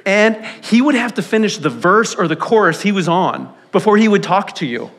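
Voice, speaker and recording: A high-pitched man preaching a sermon in a church sanctuary. He tells stories with lively, animated delivery and jumps into quoted voices along the way. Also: normal speed. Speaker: pastor.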